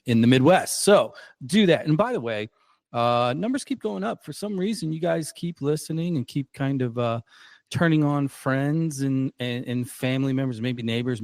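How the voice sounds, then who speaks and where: A man's voice: on the low side, dry recording. A man hosting a casual podcast, rambling and self-deprecating, with lots of fillers and restarts. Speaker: podcast host.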